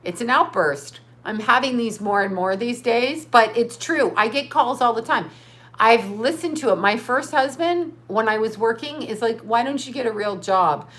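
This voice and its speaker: A middle-aged woman chats loosely on her own livestream, answering viewers as a psychic. Her voice sits a little high, and she rambles from topic to topic, bursting into profane outbursts. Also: normal speed, a bit bright. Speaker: livestream host. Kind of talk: casual livestream chat reading viewer comments.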